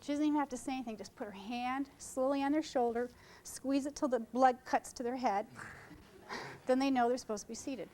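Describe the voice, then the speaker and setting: Speaking at a normal speed in a warm, slightly high voice, a middle-aged woman gives photographers a loose, chatty seminar on her wedding work. She jokes with the audience and leaps from one point to another in a conference room, captured on a rough recording.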